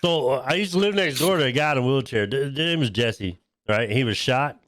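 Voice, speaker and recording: A man's voice: medium pitch, fairly quick, no room sound. A man co-hosting a podcast, telling crude stories in casual chat and pushing his point by repeating himself. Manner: profane, animated storyteller, keeps saying listen. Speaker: podcast co-host.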